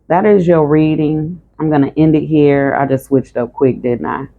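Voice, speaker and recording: A woman tarot reader talks straight to her viewers in a flat, monotone channeling voice. She is blunt and casual and swears now and then. The sound is thin and tinny, like a phone line. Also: sits low, moderate pace, vocal fry, a little hiss or hum. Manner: monotone, calm channeling delivery. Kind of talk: casual tarot reading to camera.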